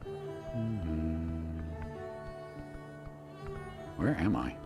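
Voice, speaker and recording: A young man streams a video game, chatting casually and muttering to himself, with the odd curse. His pitch rises and falls a lot as he reacts. Soft game music plays quietly behind him. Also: lively intonation, very slow. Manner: mutters and swears, reads game text aloud. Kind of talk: casual gameplay commentary.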